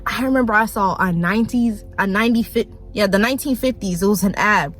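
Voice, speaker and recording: A young woman ranting casually into her phone, rambling with lots of "like", quick laughs and mock voices. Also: mid-range voice. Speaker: vlogger. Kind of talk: casual rant to camera.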